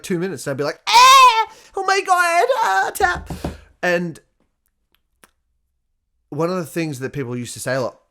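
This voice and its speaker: Animated, swearing male podcast host. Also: mid-range voice. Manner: profane, animated storytelling with laughs and acted-out quotes. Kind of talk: casual solo podcast monologue.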